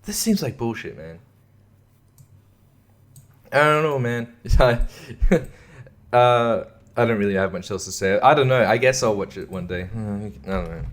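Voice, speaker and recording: A man's voice: lowish voice, lively intonation, measured pace, pauses often. A young man hosting a podcast, ranting casually about films in a profane, sarcastic way and laughing often. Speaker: podcast host. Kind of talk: casual rant.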